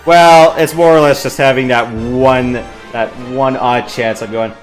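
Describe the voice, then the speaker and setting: Male let's-play host, relaxed and rambling, easygoing mid-range voice. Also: medium pitch, unhurried, faint music behind. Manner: relaxed, rambling, chatting with friends while playing. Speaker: game player and host. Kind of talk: casual gameplay commentary.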